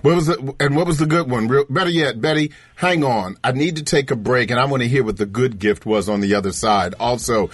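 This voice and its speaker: A man hosting a radio call-in show, relaxed and laughing easily, with smooth announcer reads. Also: medium pitch, brisk, few pauses, dry recording. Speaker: radio talk show host.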